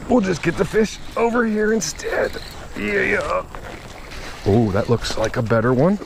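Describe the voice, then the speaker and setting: Out on the water, a fishing vlogger with a high-pitched, gravelly voice talks to camera at an unhurried pace. He's excitable, exclaiming and speaking straight to his viewers over a noisy background.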